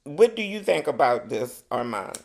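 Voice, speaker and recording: A man's voice: on the high side, very animated, moderate pace, vocal fry. A man co-hosting a podcast in casual chat, roasting people bluntly with heavy profanity. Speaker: podcast co-host.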